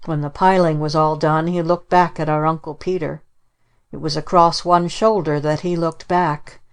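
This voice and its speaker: A woman narrating a children's storybook in a measured way. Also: deep voice, flat delivery, clean tone. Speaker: audiobook narrator. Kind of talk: scripted narration.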